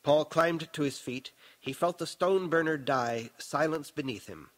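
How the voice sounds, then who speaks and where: Man, author reading own novel, measured dramatic audiobook narration. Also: fairly high pitch, no echo, poor audio.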